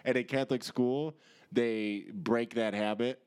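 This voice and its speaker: A young man co-hosting a podcast, speaking in casual comedic chat with dry, deadpan quips. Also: medium pitch, unhurried, smooth. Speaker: podcast co-host.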